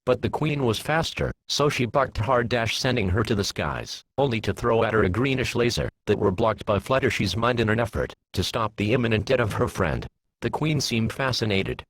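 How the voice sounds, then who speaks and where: A man narrating a fan fiction story in a plain, steady reading voice. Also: medium pitch, moderate pace.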